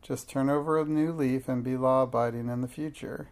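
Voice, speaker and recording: A man's voice: mid-range voice, fairly even intonation, a little mellow, close to an everyday voice. A man reading a formal, stern but fair old male judge in a children's story. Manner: formal, measured courtroom speech.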